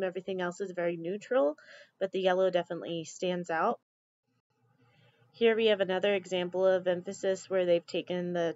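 A woman teacher talking through slides in a relaxed, chatty way, with frequent ums. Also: on the low side, dry recording. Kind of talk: classroom slideshow lecture. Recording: dull lo-fi dry recording.

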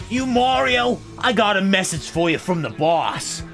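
A man's voice: high-pitched, very animated, measured pace, vocal fry, a bit bright, soft background music, voice pushed up, full character voice. A man voicing a tough-talking male tape villain with a put-on New Jersey accent and a swaggering, menacing delivery.

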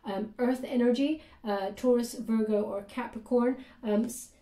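A woman doing a chatty tarot reading with many fillers, now and then dropping into soft murmured prayers. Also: fairly high pitch, fairly even intonation, measured pace. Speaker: tarot reader. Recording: roomy, distant from the mic.

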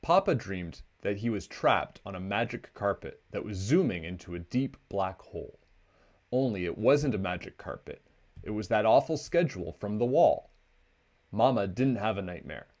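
A man's voice, on the low side, brings a children's picture book to life as he reads it aloud expressively at a normal speed.

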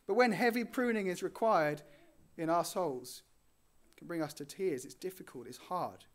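A male preacher with a fairly high voice delivers a sermon in an earnest way. He swells on important words and then sinks to quiet, low endings. His pitch sits above most men's. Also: moderate pace. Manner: earnest, rising on key phrases and dropping softly at line ends.

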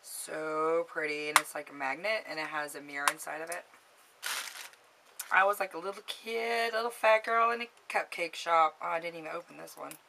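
A woman's voice: sits low, normal speed, vocal fry, background noise. A woman chatting casually to a camera about makeup and gifts, bubbly and gushing. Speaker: beauty vlogger. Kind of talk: casual haul chat to camera.

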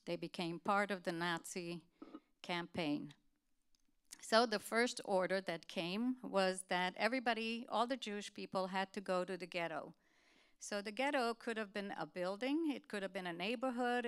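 A woman giving a talk, telling a family story to an audience in an earnest, steady way. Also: medium pitch, clear, resonant tone. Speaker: guest speaker.

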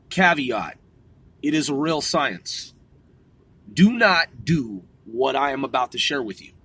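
A middle-aged man from a small country town speaks to his viewers in a slow, drawn-out monologue. His voice is bright and a little husky, and he keeps restating his points in formal, careful phrases. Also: on the high side, low-quality recording. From a small country town on the West Coast. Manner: slow, deliberate, repeats and rephrases himself, formal disclaimers. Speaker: channel host.

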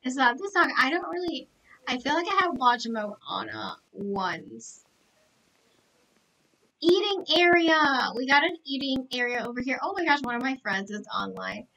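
A woman live-streaming a game, chatting to viewers in an excitable, gushing way full of gasps and exclamations. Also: high voice, moderate pace, distant mic, slight background noise, rough recording.

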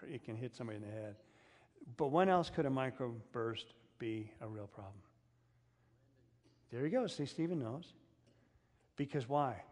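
A man's voice: mid-range voice, darkish tone. A male pastor preaching a sermon in a humorous, conversational way, often asking the congregation questions. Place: church sanctuary. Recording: long reverb of a church hall.

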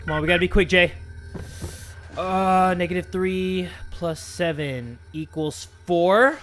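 A man doing excitable, swear-filled gameplay commentary as a gaming YouTuber. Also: sits high, measured pace. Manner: excitable, swears, yelps and shouts when startled. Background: game music.

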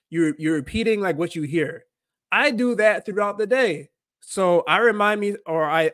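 A man's voice: on the high side, fairly bright tone, no echo. A man hosting a casual livestream, talking in a rambling way full of fillers and self-corrections. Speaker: livestream host learning Spanish.

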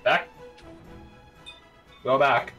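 A man's voice: very slow, dull audio, over music. A man chatting bluntly with friends on a voice call before a tabletop game, swearing casually. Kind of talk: casual chat over voice call.

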